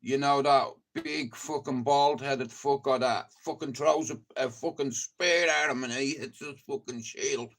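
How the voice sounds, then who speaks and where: A man's voice: mid-range voice, fairly even intonation, unhurried, hardly any pauses, fairly bright tone. A man with a Dublin accent, rambling and swearing through a casual live-stream chat. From Ireland. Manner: rambling and heavily profane, chatty storytelling.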